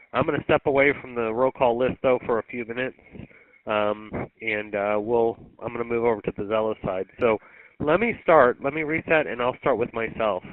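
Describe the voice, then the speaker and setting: Heard through tinny two-way radio audio, a medium-pitched man runs a weekly net as net control. The recording is dry, and his casual on-air chat is folksy and rambling, peppered with ums.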